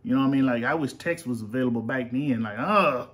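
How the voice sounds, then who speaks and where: A man hosts a casual family podcast at home. He rambles through long stories, full of ums and restarts. His pitch sits in the middle range. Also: fast, a bit bright. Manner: rambling storyteller, lots of fillers. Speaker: podcast host and father. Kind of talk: casual chat.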